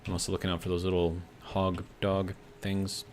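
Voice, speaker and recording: A deep, monotone American man streams a video game at normal speed, reading out chat messages and offering casual, rambling commentary full of fillers. The recording carries a faint hiss or hum.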